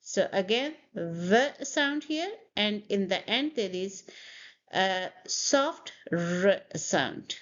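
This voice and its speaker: A woman teaching English pronunciation, slowly demonstrating words and having students repeat them. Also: mid-range voice, lively intonation. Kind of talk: pronunciation lesson. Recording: dull lo-fi audio.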